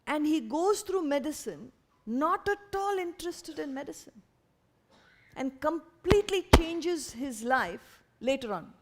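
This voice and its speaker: Lady giving a spiritual talk, earnest and lively, kinda high voice. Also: measured pace, a little hiss or hum. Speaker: spiritual speaker.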